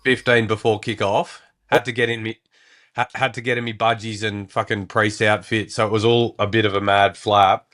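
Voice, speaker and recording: An Australian man with a lowish voice tells a long, rambling story in casual podcast chat. He swears easily and strings his sentences together loosely. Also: little pitch movement, moderate pace, a bit bright. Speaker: podcast co-host, wedding celebrant.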